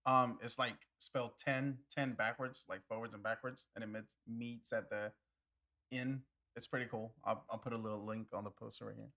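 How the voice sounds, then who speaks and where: A man's voice: medium pitch, fairly even intonation, moderate pace, creaky, bright, forceful tone. A man co-hosting a casual podcast with his wife, talking in an enthusiastic, rambling way with lots of fillers and restarts. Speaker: podcast co-host. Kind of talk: casual chat.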